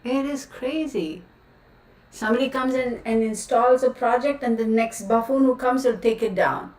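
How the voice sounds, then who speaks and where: A woman's voice: fairly high pitch, moderate pace, a little mellow. A woman who reads tarot, chatting casually on a livestream, and she rants outspokenly and in exasperation, with many fillers. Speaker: tarot reader hosting a livestream. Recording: roomy sound from a distant mic.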